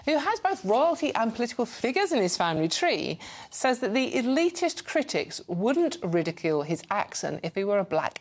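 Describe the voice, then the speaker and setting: A woman from East London with a Cockney accent hosts a live television discussion. She talks in a chatty, teasing, direct way at an ordinary, middle pitch. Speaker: TV presenter.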